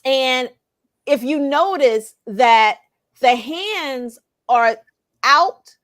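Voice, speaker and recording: A woman with a Southern US accent explaining a topic in a halting way, with many fillers and restarts. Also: high voice, lively intonation, a bit bright. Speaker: guest presenter. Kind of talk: casual explanatory talk.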